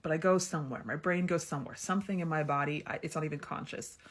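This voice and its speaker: A woman's voice: low voice, fast talker. A woman in her thirties tells a candid personal story in a chatty way, full of fillers. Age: 30s. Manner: chatty and frank, many fillers like "like" and "um". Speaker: storyteller vlogger.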